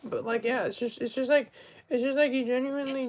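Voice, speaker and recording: A man's voice: very high voice, fairly even intonation, a little fast, poor audio. A man on a casual livestream, rambling with many fillers and restarts, upset and pleading.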